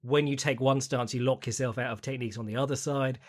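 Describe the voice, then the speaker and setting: A man hosting a solo podcast, reading out listener questions and answering in a rambling, chatty way with quick asides. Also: mid-range voice, fairly even intonation. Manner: mimics people in quoted voices. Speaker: podcast host.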